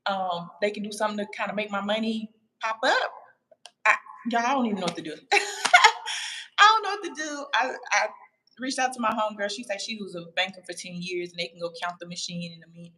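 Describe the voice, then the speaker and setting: A woman hosting a casual livestream, chatting to her viewers in an animated way and laughing often. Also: medium pitch, slight background noise, rough recording. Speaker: livestream host. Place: home abroad.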